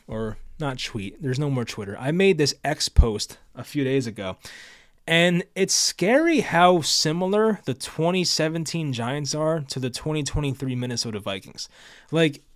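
A man's voice: on the high side, no echo, clean studio sound. A young man hosting a casual solo sports preview, thinking aloud and second-guessing himself with fillers. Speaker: sports video host.

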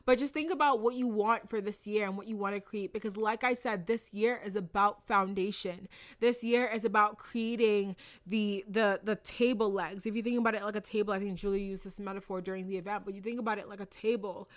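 A young woman giving an earnest, animated motivational talk, casual and repeating phrases for emphasis, swearing now and then. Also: medium pitch, brisk. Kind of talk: motivational monologue.

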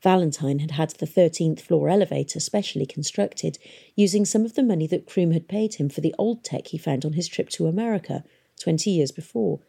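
A woman narrating an audiobook in a steady, expressive storytelling manner. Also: sits low, fairly quick, gravelly, slightly rough.

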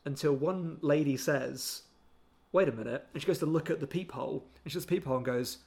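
A man co-hosting a casual film review podcast, animated and mocking, sometimes breaking into impressions. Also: on the high side, quick pace, gravelly. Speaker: podcast co-host.

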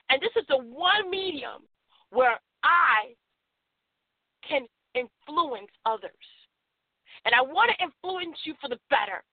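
A high-pitched woman hosting a motivational radio show, pressing her points with emphatic repeated affirmations. Her voice comes through a narrow, phone-like band with a dry, close sound. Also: dry recording. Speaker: radio host.

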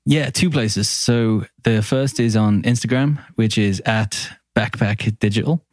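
A man's voice: lowish voice, a little slow, dry recording, studio quality. A man with an English accent, a podcast guest in casual chat, joking and laughing often.

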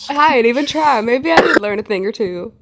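Teasing Southern woman with a high voice. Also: animated, fairly quick, a little hiss or hum. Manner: dry, teasing comebacks. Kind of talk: casual chat.

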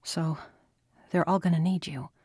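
A woman voicing a weary, gentle father in jail, speaking softly and resignedly in an audiobook. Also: low-pitched, steady tone, unhurried, slightly rough, no room sound, studio quality, heavily acted. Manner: soft, resigned, reassuring.

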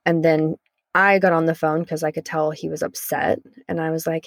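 A woman's voice: low voice, level tone, normal speed, vocal fry, dry recording, studio quality. A woman podcast co-host candidly recounting a hard night to her lifelong friend, rambling with restarts. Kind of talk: casual recounting conversation.

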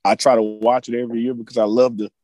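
A man co-hosting a casual podcast chat, an animated storyteller who laughs often and acts out movie lines. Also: medium pitch, quick pace, dry recording. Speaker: podcast co-host.

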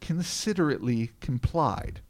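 A man's voice: medium pitch, animated, a little slow. A man hosting a podcast who swaps between reading a case aloud and profane, sardonic banter. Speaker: podcast co-host and story reader. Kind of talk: casual podcast chat mixed with reading.

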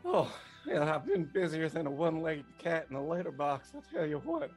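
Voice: medium pitch, sing-song, brisk, a little mellow, soft background music, lightly acted. A player doing a folksy forager. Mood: cheerful. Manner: folksy, homespun sayings.

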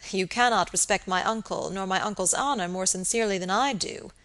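A grave, earnest young barrister, as a woman reader voices him in a Victorian audiobook. He presses his words firmly and insistently, pitched in the middle range. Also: fairly quick, a bit bright, lightly acted. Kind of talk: audiobook character reading.

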